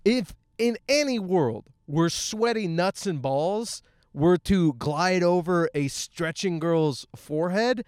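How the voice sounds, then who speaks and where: A young man hosting a solo podcast, ranting in a profane, animated way and laughing through his stories. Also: high voice, slow, clear, resonant tone, no room sound, clean studio sound. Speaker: podcast host.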